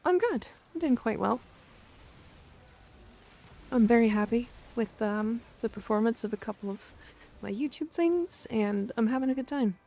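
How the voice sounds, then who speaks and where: A woman's voice: a little high, animated, normal speed, long pauses, warm tone. A young woman streaming live, chatting playfully with her viewers and answering their comments. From Canada. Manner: playful, reads chat aloud and answers it, growls "rawr" at viewers. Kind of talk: casual live-stream chat.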